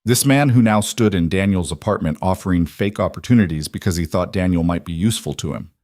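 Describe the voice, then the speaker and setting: A man narrating a scripted story in a steady storytelling manner. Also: low-pitched, quick pace, no room sound, clean studio sound.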